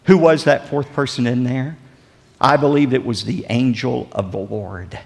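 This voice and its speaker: A pastor delivering a sermon with dramatic swings in loudness and emphasis. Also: male voice, fairly even intonation, moderate pace, vocal fry, big-room sound. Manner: dramatic preaching with big swings in pitch and volume.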